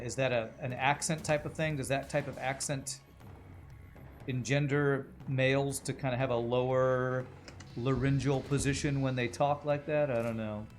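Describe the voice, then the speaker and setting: A man streaming a video game, chatting casually with viewers and musing aloud about voices and accents as he plays. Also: mid-range voice. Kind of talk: casual gaming livestream chat.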